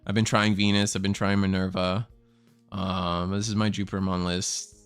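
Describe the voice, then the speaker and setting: Casual rambling male streamer, smooth dry voice. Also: sits low, level tone, normal speed, no room sound, faint music behind. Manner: rambling, casual, swears freely. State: tired, burnt out. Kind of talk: casual live-stream chat.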